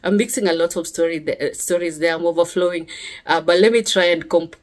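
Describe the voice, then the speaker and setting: A woman's voice: lowish voice, brisk. A woman with a Kenyan accent earnestly recounting a personal story, checking in with the listener with frequent tag questions and restarting her sentences. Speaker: speaker sharing a personal testimony.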